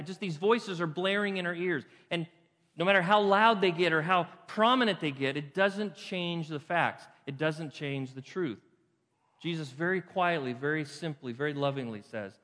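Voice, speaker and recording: A man preaching a Sunday sermon as pastor, building to emphatic peaks and dropping to a soft, quiet prayer. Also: a little high, normal speed, long reverb tail. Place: church sanctuary.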